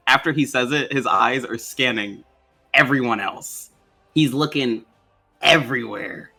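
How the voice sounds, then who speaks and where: Male player, bright tone, mid pitch, relaxed in-character narration. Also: normal speed, faint music behind. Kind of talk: describing his character in a tabletop game.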